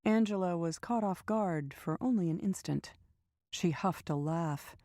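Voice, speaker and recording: A low, mellow female voice tells an audiobook story in a steady, measured way. It's recorded at studio quality with no room sound.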